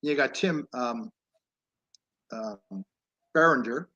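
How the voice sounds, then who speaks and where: A man's voice: medium pitch, takes it slowly, sharp tone, highs cut off. A man co-hosting an online talk show, chatting loosely about an old film with many restarts. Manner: rambling, with many restarts and laughs. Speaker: co-host. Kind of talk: casual film discussion.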